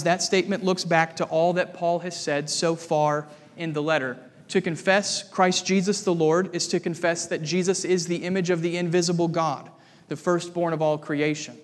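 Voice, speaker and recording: A man preaching a sermon as pastor, measured and emphatic, often repeating key phrases. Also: sits high, long reverb tail.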